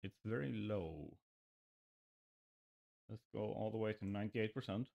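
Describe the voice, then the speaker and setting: A man's voice: on the low side, measured pace, gravelly, muffled recording. A man with a slight lisp, a streamer testing his microphone on a livestream and muttering to himself as he adjusts settings. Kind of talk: livestream mic check.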